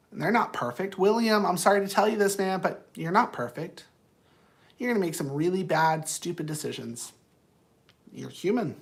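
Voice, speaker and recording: A man's voice: on the high side, gravelly. A man who counsels people, talking straight to viewers in a casual, rambling motivational monologue, earnest and blunt.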